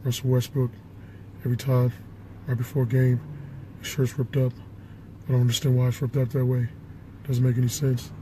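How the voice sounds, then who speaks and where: A man doing a low, mumbling basketball star. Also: flat delivery, moderate pace, pauses often, background noise, lightly acted. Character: deep, mumbling big male basketball star.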